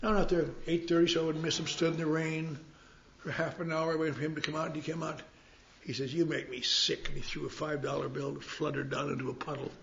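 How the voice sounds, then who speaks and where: A man's voice: on the high side, little pitch movement, quick pace, vocal fry, a little hiss or hum. A man telling his story with wry, self-mocking humor at a recovery meeting. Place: meeting hall. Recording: roomy, dull live recording.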